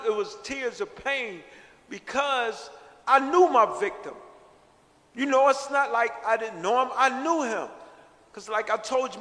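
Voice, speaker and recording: A man's voice: very high-pitched, a bit bright, long reverb tail. A middle-aged man earnestly telling his own life story in an interview, reflective and often repeating himself. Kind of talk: personal storytelling.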